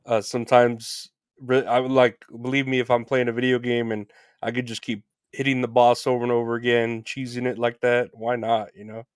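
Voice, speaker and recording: A male podcast host with a smooth, resonant voice and a mid-range pitch. He talks in a halting, friendly way, trips over his words and adds agreeable "mm-hmm"s. The sound is dry and close. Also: flat delivery, dry recording. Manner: halting, restarts, agreeable backchannels. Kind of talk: casual interview chat.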